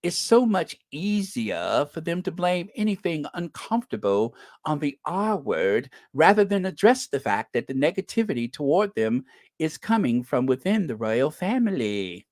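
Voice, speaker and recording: A man's voice: on the high side, big pitch swings, normal speed, darkish tone, dry recording, clean studio sound. A man putting on a posh, creepy, sinister voice to mock a smug male commentator. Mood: sneering. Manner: smug, sneering.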